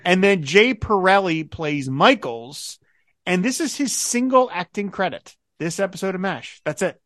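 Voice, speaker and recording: A man's voice: sits high, lively intonation, a little slow, fairly bright tone, dry recording, studio quality. A man hosting a podcast in casual chat, laughing often and reading out quotes. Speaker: podcast host.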